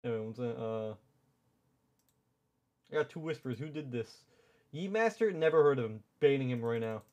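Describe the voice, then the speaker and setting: A man's voice: medium pitch, expressive, normal speed, a little mellow. A young man livestreaming, rambling casually, restarting sentences and swearing freely. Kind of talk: casual live-stream chat.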